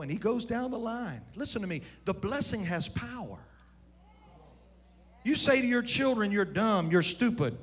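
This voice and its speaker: A man preaching a lively sermon, calling out to the congregation and shouting at his peaks. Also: very high-pitched. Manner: animated, addresses congregation directly, shouts at peaks. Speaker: pastor.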